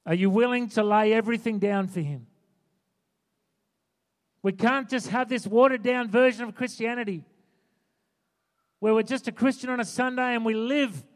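A man preaching a sermon, fervent and urgent, driving his points home by repeating phrases. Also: sits high. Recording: long hall reverb.

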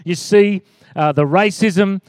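Pastor in his forties, high voice, dry close sound, lively preaching with calls for amen. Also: slow pace, no room sound. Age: 40s. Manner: animated, rising to loud exclaims and calls for amen. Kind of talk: sermon.

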